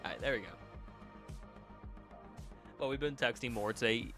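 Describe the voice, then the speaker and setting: A man's voice: medium pitch, normal speed, over music. A young man streaming, chatting casually with his chat, rambling and laughing with many restarts, his nose a little stuffy. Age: young adult. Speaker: vtuber streamer.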